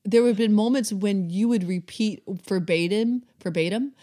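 A woman's voice: mid-range voice, moderate pace, mellow. A middle-aged woman co-hosting a podcast, chatting casually and laughing easily. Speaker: podcast co-host. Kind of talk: casual chat.

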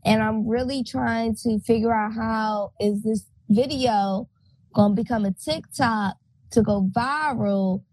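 A young woman playing a spelling game in casual chat, teasing and loud. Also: on the high side, measured pace, dry recording.

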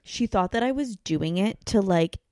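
A woman's voice: mid-range voice, expressive, moderate pace, darkish tone, dry recording, studio quality. A woman in her thirties sharing a candid personal story in casual chat, saying 'like' often. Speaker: guest.

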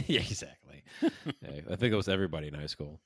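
Low-voiced man in casual podcast chat. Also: very animated, fairly quick, a bit bright, breathy edge, no room sound, clean studio sound. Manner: profane, laughs often, trails off. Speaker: podcast co-host.

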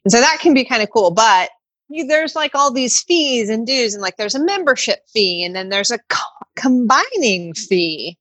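A woman's voice: fairly high pitch, big pitch swings, moderate pace, a bit bright, dry recording. A middle-aged woman co-hosting a podcast, ranting in casual chat and swearing a lot. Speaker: podcast co-host.

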